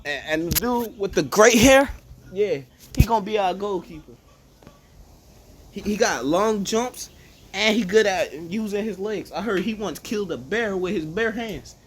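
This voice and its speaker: Young man, high voice, excitable storyteller, quick laughs, faint background hiss. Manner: excitable, laughs often, acts out quotes. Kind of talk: casual imaginative chat.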